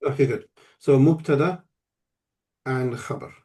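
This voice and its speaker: A man leads an online grammar class over a computer mic. His voice is mellow and warm, sitting at an ordinary middle pitch. He explains patiently, step by step, and often stops to check that his student is following. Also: a little slow. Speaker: Arabic teacher.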